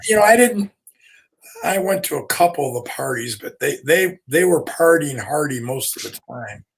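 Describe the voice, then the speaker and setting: Gravelly older man, easygoing. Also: on the high side, animated, moderate pace. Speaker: guest. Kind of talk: casual interview chat.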